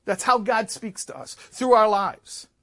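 A man, a rabbi, telling a story in a sermon, swinging from loud emphasis to hushed asides. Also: sits high, animated, measured pace.

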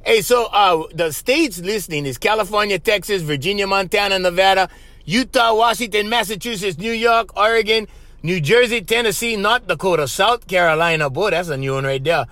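A man's voice: sits high, moderate pace, pushed and bright, no echo. A man from Hawaii speaking Hawaiian Pidgin, hosting a casual solo podcast in a loose, joking way. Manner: loose and joking, lots of "bro" and laughter. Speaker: podcast host.

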